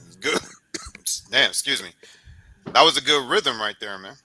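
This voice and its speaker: A man hosting a sports podcast interview, talking in a loose, encouraging, coach-like way and beating out rhythms with repeated boom sounds. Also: lively intonation, unhurried, long pauses, background noise. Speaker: podcast host. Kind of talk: casual sports interview chat.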